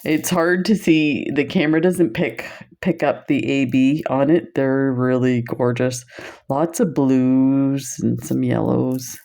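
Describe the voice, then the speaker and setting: A woman's voice: extremely low pitch, fairly even intonation, slow, gravelly, mellow. A woman presenting beads on camera in a casual chat, telling stories and laughing often. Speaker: bead shop video presenter.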